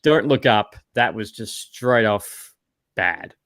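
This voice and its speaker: A man's voice: fairly low pitch, expressive, slow, a bit bright, no room sound, studio quality. A man hosting a podcast, chatting casually over a video call in a rambling, ranty way, with some swearing. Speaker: podcast host. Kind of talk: casual chat.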